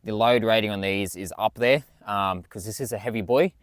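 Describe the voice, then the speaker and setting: A man's voice: on the low side, a little fast, no room sound, studio quality. A man walking through his vehicle build in a casual, enthusiastic way, swearing freely. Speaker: vlogger.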